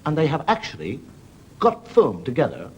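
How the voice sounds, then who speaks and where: This middle-aged comedy host spins dry, meandering anecdotes on television for a studio audience, slipping into put-on character voices during his stand-up monologue. He speaks at a moderate pace in a fairly high voice that swoops wildly in pitch and carries a breathy edge.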